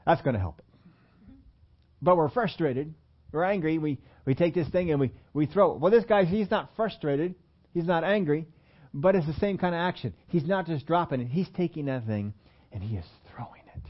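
A man's voice: fairly high pitch, moderate pace, highs cut off. A man preaching a sermon in a church room, talking conversationally and putting questions to the congregation. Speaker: pastor.

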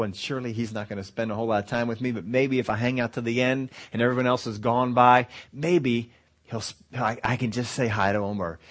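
A middle-aged man teaching a Bible study in a loose, conversational way. He rambles, restarts his sentences and chuckles now and then as he tells a story, with a voice of ordinary pitch for a man. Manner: folksy, rambling, with self-corrections and chuckles.

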